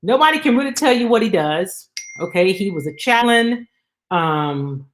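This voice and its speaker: A woman's voice: normal speed, a little hiss or hum. A woman hosting a sports talk show, giving emphatic, exasperated commentary in a casual style, reading and answering listener comments. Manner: emphatic, exasperated, animated pitch jumps.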